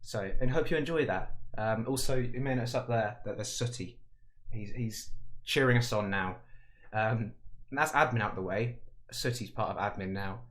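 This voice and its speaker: A man commenting on a football video game, chatty and jokey, building to excited shouts at goals, his voice cracking. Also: on the low side, moderate pace.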